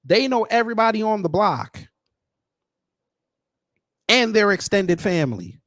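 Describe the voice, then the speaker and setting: Man hosting casual commentary, sardonic and animated, fairly high voice, dry close sound. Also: unhurried, dry recording. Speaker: commentary channel host.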